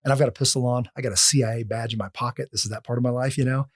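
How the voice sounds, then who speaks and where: A man on a podcast as a guest, telling casual stories in an animated way, often restarting his sentences. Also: medium pitch, racing, dry recording, studio quality. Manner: animated, acts out quoted lines, frequent restarts. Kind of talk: casual storytelling.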